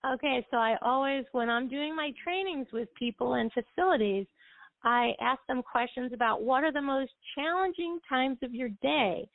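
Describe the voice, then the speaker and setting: A woman's voice: sits high, moderate pace, no room sound. Woman music therapist on a phone line. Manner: warm, flowing explanations with fillers. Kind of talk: explanatory call-in show talk.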